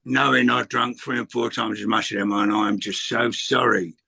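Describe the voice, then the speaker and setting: Gravelly older man telling stories. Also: medium pitch, fairly even intonation, moderate pace, bright, forceful tone. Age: 60s. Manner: rambling anecdotes with swearing and acted quotes. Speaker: guest answering questions. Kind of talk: casual chat, storytelling.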